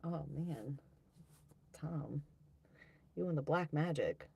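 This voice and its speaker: Woman on a live stream reading chat out loud, slow and draggy, gravelly fry in the voice, rambly and offhand. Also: low voice, no echo. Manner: rambling, offhand, quick to laugh at herself. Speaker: livestream host. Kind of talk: casual live-stream chat, reading viewer comments aloud.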